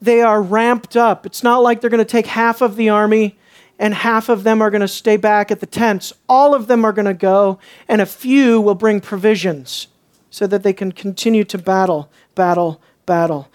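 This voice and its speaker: A man's voice: sits high, fairly even intonation, moderate pace, clean tone. Impassioned preacher man with rhetorical questions. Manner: impassioned, rhetorical questions, swings between hushed and emphatic; sarcastic when mimicking others. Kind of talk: expository sermon.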